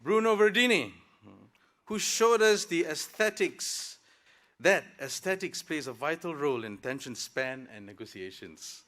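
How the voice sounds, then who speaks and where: A man's voice: fairly high pitch, animated, unhurried, fairly bright tone. A man, a working professional in his thirties, gives a prepared graduation speech at a podium microphone, formal and dotted with light jokes. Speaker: student speaker at graduation. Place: graduation ceremony.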